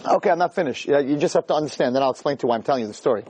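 Middle-aged guy, rabbi telling a funny story, voice jumps all over, kinda high. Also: racing, background noise. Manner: animated, jokey storytelling with lots of "right?". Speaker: rabbi giving a talk. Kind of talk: storytelling lecture.

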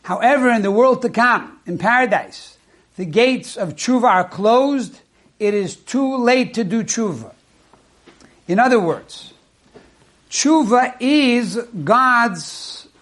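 A man giving a sermon as a rabbi, teaching in a measured way and posing rhetorical questions to his listeners. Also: very high-pitched, a bit bright.

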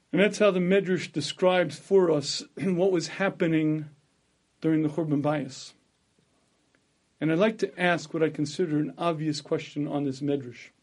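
A man giving a sermon who tells the story dramatically, acting out impassioned quoted speech, and often clears his throat. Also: high-pitched, a little mellow. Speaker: rabbi giving a Torah lecture.

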